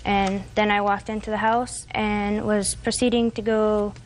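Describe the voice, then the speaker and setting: A woman in her twenties giving courtroom testimony, retelling events haltingly with fillers and restarts. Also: medium pitch, flat delivery. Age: 20s. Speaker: defendant.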